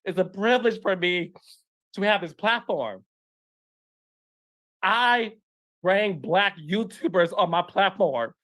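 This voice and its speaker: A man's voice: high-pitched, slow, long pauses, a bit bright. A man hosting a podcast, speaking earnestly and emotionally, often repeating himself. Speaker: podcast host.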